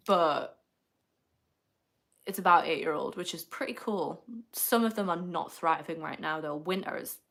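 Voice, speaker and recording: A woman's voice: on the low side, creaky, a bit bright. A young woman hosting a casual livestream, chatting loosely and laughing often as she reads viewer comments aloud. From United Kingdom. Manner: chatty and rambling, quick to laugh. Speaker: livestream host.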